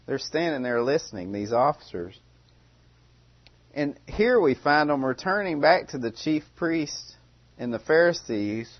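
A man's voice: medium pitch, no room sound, dull audio. Man preaching. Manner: conversational, repeats phrases and restarts. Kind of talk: sermon.

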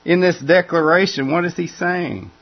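A man's voice: high voice, normal speed. A man preaching in a casual, conversational way, often repeating and restarting phrases as he explains. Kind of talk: conversational Bible teaching. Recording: dull lo-fi recording.

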